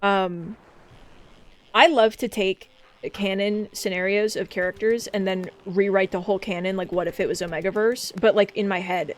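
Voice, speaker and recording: A woman streamer chatting casually and excitably, often swearing and breaking into laughter. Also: mid-range voice, normal speed. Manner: excitable, swears a lot, frequent laughing outbursts. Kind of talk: casual live-stream chat. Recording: faint background music.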